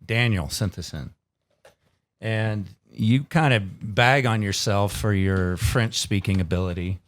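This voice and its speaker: Low-voiced, teasing podcast co-host. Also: male voice, a little slow. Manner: playful, teasing. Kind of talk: casual podcast chat.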